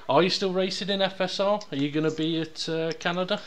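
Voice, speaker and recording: A man's voice: a little high, steady tone, a little fast, few pauses. A man hosting a casual podcast, rambling and joking with lots of ums and uhs. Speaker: podcast host. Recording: noisy background hiss.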